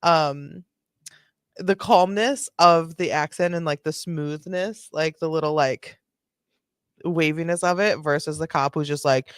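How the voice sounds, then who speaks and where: A woman with a low voice gives casual live-stream reaction commentary. She chats loosely and swears now and then, and her voice is dry and close to the mic. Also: steady tone, a little slow, clear, resonant tone, no room sound. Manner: chatty, swearing, laughing asides. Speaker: livestream host reacting to videos.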